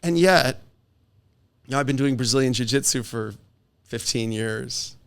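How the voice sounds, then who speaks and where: In a relaxed podcast conversation, a middle-aged divorce attorney spins animated tales and performs the voices of those he quotes. He has a mid-range, gravelly voice with a clean tone and talks a little slowly.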